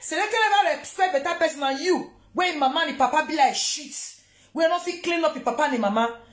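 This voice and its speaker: A woman's voice: high-pitched, fairly quick. A Nigerian woman vlogger ranting to camera, scolding and taunting someone. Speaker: social media vlogger. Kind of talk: confrontational rant to camera. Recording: roomy echo.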